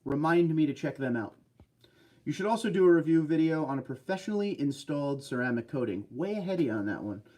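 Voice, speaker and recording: A man's voice: a little high, animated, quick pace, darkish tone. A man hosting a casual livestream from a desk chair at home, chatty as he reads viewer comments aloud and answers them. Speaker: livestream host.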